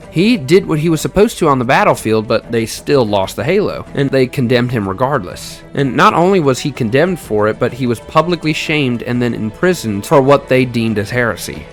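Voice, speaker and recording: A man's voice: mid-range voice, a bit bright. A man in his twenties giving casual, chatty gaming commentary, laughing often as he explains. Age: 20s. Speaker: gaming YouTuber.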